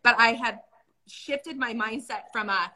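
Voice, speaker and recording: A woman's voice: a little high, unhurried, sharp tone. A young adult woman co-hosting a casual faith discussion, earnest and storytelling. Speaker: podcast co-host.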